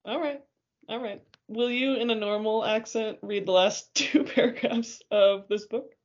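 A woman's voice: fairly high pitch, unhurried, lo-fi sound. A woman co-hosting a podcast in casual chat, wry and teasing, laughing often. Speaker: podcast co-host.

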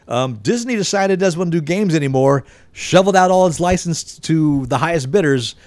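A man's voice: fairly high pitch, lively intonation, brisk, a little mellow, dry recording. A man co-hosting a casual podcast, chatting loosely and reading news items. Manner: chatty, laughs between lines, swears casually.

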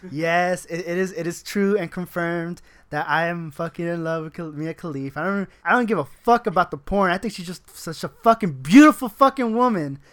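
A man's voice: high voice, brisk, a bit bright. A man chatting casually on a podcast, rambling and swearing freely, often laughing between his words. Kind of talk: casual chat.

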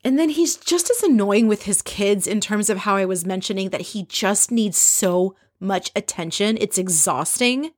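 A woman chatting casually as she recaps a reality show, opinionated and quick to mimic the people she describes. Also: medium pitch, animated.

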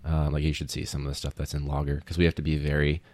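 A young man hosting a casual podcast, rambling with lots of fillers and quick laughs. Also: very deep voice, completely flat delivery, a little mellow, dry recording, studio quality. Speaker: podcast host, teacher.

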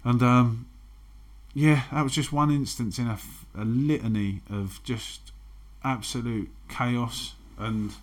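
A man's voice: mid-range voice, steady tone, slow. A man, frankly telling his own recovery story and swearing freely. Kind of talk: candid personal testimony.

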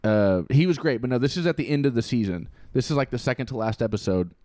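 A man's voice: mid-range voice, animated, fast, darkish tone, no echo. Rambling man on a dry podcast mic. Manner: rambling, frequent restarts and swearing. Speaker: podcast co-host. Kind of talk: casual podcast chat.

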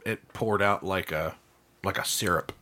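A man's voice: low voice, unhurried, sharp tone. A man co-hosting a podcast in casual chat, teasing his friends and laughing often. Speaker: podcast co-host.

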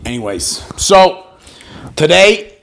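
A man hosting a podcast in casual, joking chat, playful and quick to laugh. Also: high-pitched, very animated, creaky, fairly bright tone. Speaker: podcast host.

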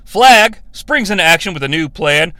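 Brief: bright, sharp-toned male podcast host, sarcastic and swearing, roasting a film. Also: sits high, moderate pace, no echo. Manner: sarcastic, profane, animated retelling. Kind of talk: comedic movie recap.

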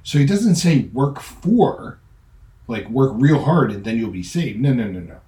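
Mellow and unhurried, this man's mid-range voice swings widely in pitch, and the recording echoes as if in a large room. As a pastor hosting a podcast, he delivers a conversational sermon that moves from personal story to earnest teaching, with emphatic repetition.

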